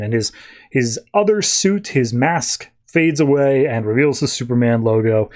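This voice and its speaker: A man's voice: mid-range voice, lively intonation, darkish tone. Casual young-sounding man recapping comics. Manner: loose, chatty retelling with quick voiced asides. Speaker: podcast host reviewing comics.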